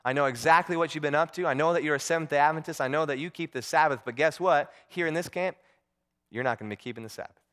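A man's voice: on the high side, fast, a bit bright, lightly acted. A man voicing a stern, taunting male prison camp warden inside a spoken story. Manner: taunting, menacing.

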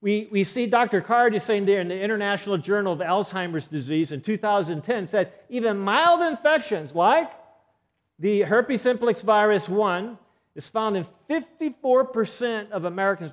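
A man's voice: sits high, lively intonation, normal speed. A man giving an earnest health lecture, emphatic and given to repeating key points.

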